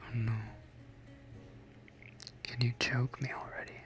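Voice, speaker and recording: Slow, soft-whispering young man. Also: mid-range voice, little pitch movement, soft background music. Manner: soft, slow whisper, reading chat questions. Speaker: ASMR streamer. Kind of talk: ASMR whispering.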